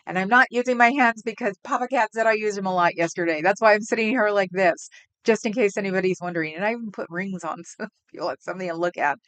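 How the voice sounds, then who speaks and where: A woman's voice: mid-range voice, fast, fairly bright tone. A woman in her fifties hosting a livestream at home, chatting in a rambling, casual way and laughing often. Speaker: livestream host.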